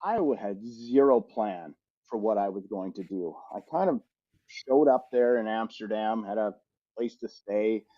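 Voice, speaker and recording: Middle-aged male podcast co-host, lively rambling storyteller, slightly muffled audio. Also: lowish voice, unhurried. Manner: lively, rambling anecdote with frequent restarts. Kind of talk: casual storytelling.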